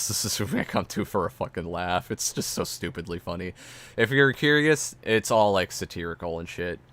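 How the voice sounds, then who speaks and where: A fairly low-voiced man chatting casually on a stream, swearing freely as he reacts to videos and answers chat. His talk is loose and offhand. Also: fairly bright tone, no room sound. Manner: profane, reacting and laughing at a video.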